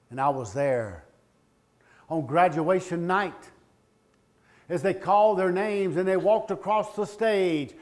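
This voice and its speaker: A middle-aged man giving a speech, telling a personal story with heartfelt, dramatic swings between booming and hushed delivery. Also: animated, slow pace, long pauses. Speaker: public speaker.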